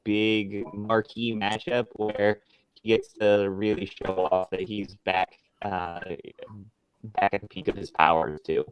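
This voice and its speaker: A man's voice: on the low side, flat delivery, slow pace, highs cut off. A man co-hosting a casual fantasy football podcast over a remote call, giving confident, opinionated takes. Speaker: podcast co-host.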